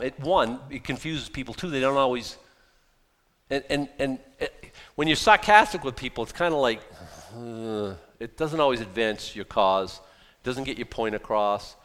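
A middle-aged man preaching a sermon in an easy, talky style, his voice leaping up high and loud, then dropping low and quiet. He delivers sarcastic asides and usually keeps a middle pitch. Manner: conversational, sarcastic asides, animated swings in pitch and volume. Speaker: pastor.

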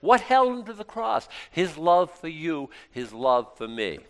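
A man preaching a sermon in a conversational way, swinging from loud exclamations to quiet asides and often restarting his words. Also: fairly high pitch, very animated, measured pace, smooth.

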